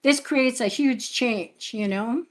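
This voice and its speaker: A woman hosts a livestream talk show, her voice sitting a little high. She talks in an animated, storytelling way and laughs often. She mixes explanation with casual chat. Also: slow pace. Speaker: astrologer and show host.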